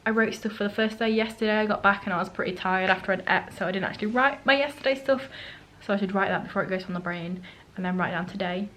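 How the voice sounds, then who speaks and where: A woman's voice: medium pitch, quick pace, few pauses, a bit bright, slight background noise, low-quality recording. A woman vlogging on a solo trip, chatting casually to the camera and acting out what people said to her. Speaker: travel vlogger. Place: holiday rental flat.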